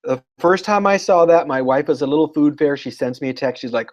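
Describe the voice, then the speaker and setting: Chatty storytelling man, slightly high voice. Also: fairly quick, highs cut off. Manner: animated storyteller, acts out quotes. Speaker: guest educator. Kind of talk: casual interview chat.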